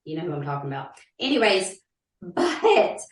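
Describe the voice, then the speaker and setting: A woman, co-hosting a casual podcast, blunt and animated. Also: moderate pace, reverberant, far from the mic. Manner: animated, swinging pitch, blunt and profane. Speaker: podcast co-host. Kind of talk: casual chat.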